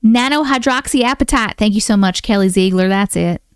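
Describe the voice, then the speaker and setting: A woman hosts a casual live stream, chatting and thanking viewers by name while keeping up a playful put-on accent. Her mid-range voice is fairly quick, clear and resonant, recorded at studio quality with no echo.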